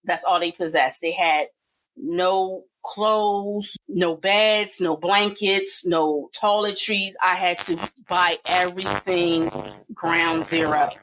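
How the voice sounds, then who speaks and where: A middle-aged woman talks as a guest on a podcast. Her voice sits a little low, and she speaks earnestly and emotionally. She pauses and uses fillers as she tells her own story. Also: steady tone, fairly bright tone, rough recording. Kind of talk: personal testimony in an interview.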